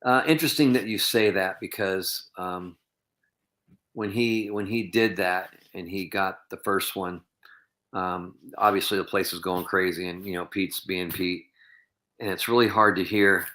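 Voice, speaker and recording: A man's voice: deep voice, steady tone, a little slow, sharp tone. A man guest on a podcast interview, telling long anecdotes in an earnest, reflective way, with many "you know"s and "um"s. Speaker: podcast guest, professional bowler.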